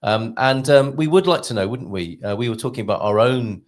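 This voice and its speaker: A man's voice: mid-range voice, expressive, brisk. A middle-aged man co-hosting a casual live-stream show, talking with frequent hesitations and restarts. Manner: hesitant, many fillers and restarts.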